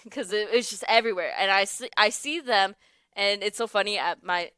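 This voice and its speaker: A woman's voice: mid-range voice, lively intonation, moderate pace, fairly bright tone, clean tone, no echo. A young adult woman hosting a radio talk show in a studio, chatting casually, often laughing and searching for words. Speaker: radio host. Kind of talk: casual chat. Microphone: studio microphone.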